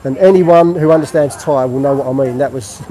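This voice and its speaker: A man's voice: mid-range voice, a little fast, dark tone, poor audio. A man from England chatting casually on a live stream while he walks through an outdoor market, explaining what he shows. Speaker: vlogger.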